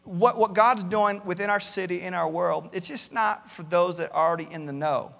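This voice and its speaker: Gravelly-voiced pastor preaching in a hall. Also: male voice, high voice, moderate pace, a bit bright. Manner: earnest preaching, reads many Bible verses aloud, repeats words at starts. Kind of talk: sermon. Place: church campus, large hall.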